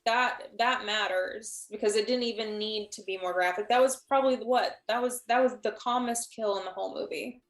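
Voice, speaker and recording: A woman's voice: on the high side, normal speed, hardly any pauses, echoey room. A woman talking casually as a guest on a live stream, thinking aloud and often restarting her sentences.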